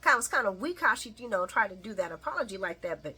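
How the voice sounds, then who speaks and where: Husky, lively woman recapping a soap. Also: mid-range voice, fast. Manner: chatty, laughs often, animated retelling. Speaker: soap opera recap host. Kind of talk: casual chat recap.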